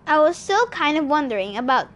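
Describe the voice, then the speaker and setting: A woman's voice: sits high, big pitch swings, a little fast, a bit bright. A woman reading a novel aloud in a plain storytelling manner. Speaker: audiobook reader.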